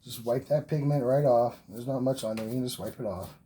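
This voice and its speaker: A man's voice: mid-range voice, fairly quick, mellow. A man teaching oil painting as he works, talking the viewer through each stroke in an encouraging, repetitive way, sometimes moving away from the mic. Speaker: painting instructor. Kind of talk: relaxed painting tutorial. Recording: faint background noise.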